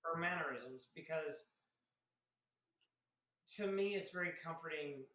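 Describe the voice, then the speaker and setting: A man's voice: a little high, measured pace, pushed and bright. Chatty man in his fifties, echoey room. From grew up in South Carolina. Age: 50s. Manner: chatty, laughs often, acts out quotes. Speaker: guest, Air Force veteran. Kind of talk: casual interview storytelling.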